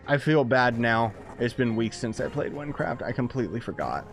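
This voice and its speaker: An excitable male streamer talks loosely to his viewers while playing, rambling from one thing to the next. His pitch sits in an ordinary middle range, and faint music plays quietly underneath. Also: normal speed, few pauses. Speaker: game streamer. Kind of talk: casual live-stream chat.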